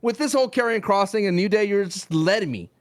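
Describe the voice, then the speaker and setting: Animated joking man, lively pitch. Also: fast talker. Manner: animated, joking, laughs often, exaggerated comic outbursts. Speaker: podcast co-host. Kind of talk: casual wrestling podcast banter.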